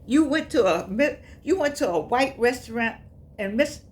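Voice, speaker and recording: A woman's voice: expressive, normal speed, slight background noise. Older woman, folksy and emphatic. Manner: folksy, emphatic, preachy, with sudden high exclamations. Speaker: commentator. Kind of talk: casual spoken commentary.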